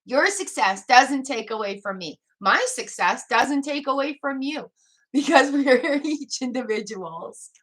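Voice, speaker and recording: A woman's voice: high voice, lively intonation, measured pace, a bit bright. A woman giving a live tarot reading, chatting casually and laughing often. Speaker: tarot reader.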